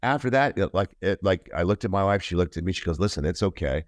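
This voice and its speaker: A middle-aged man telling a personal story as an interview guest, earnest and halting, often restarting his sentences. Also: deep voice, lively intonation, dry recording, clean studio sound.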